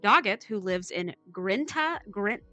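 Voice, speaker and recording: A woman with a bright, crisp tone reads a news story aloud to a friend, dropping dry little comments between sentences. Her voice sits close and dry with no room echo, and faint music plays underneath. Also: mid-range voice, animated, measured pace, muffled recording. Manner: wry asides while reading. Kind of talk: casual chat, reading a news story aloud.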